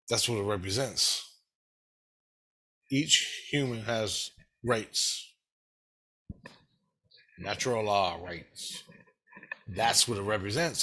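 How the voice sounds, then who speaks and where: Husky man rambling through a profane story. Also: medium pitch. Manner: profane, rambling, animated retelling with laughs. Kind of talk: casual storytelling monologue.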